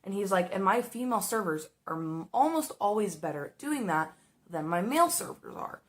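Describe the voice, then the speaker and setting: Speaking fairly quickly at a medium pitch, a young woman shares a story about her restaurant job as she puts on makeup. It's casual and animated, full of swearing and cartoonish voices for the people she quotes.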